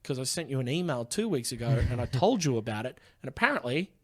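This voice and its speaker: A man voicing his determined retired mother in a comic story, speaking firmly and quickly. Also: mid-range voice, very animated.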